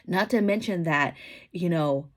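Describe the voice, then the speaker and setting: A prepping vlogger talks casually about home preparedness in an opinion vlog, speaking emphatically and repeatedly tagging her points with "right?". Her voice is fairly low in pitch and unhurried.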